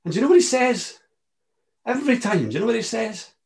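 A man preaching with passion in a high, bright-edged voice. He drops into hushed asides, then lifts into ringing, emphatic lines. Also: big pitch swings, fast, gravelly. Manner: impassioned, swings between soft asides and ringing emphasis. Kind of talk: sermon.

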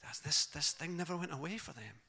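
A man preaching a sermon, telling the gospel stories in a lively way and acting out the characters' lines. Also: a little high, brisk, gravelly. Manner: animated storytelling, acting out voices of the characters.

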